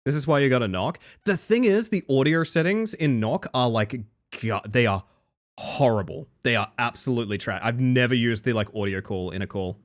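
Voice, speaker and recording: A man's voice: medium pitch, moderate pace. A male streamer chatting casually on a live stream, teasing and joking with frequent swearing.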